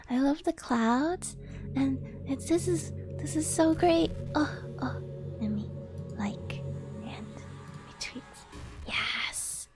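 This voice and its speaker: A woman streamer with a high, very lively voice who gushes and giggles as she reads chat. She talks at an unhurried pace, and music plays clearly behind her. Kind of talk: casual live-stream chat.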